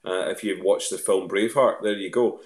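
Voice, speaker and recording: A man's voice: sits low, steady tone, fairly quick, echoey room. A Scottish man chatting casually as a radio guest, rambling with fillers and restarts. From Scotland. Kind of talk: casual chat.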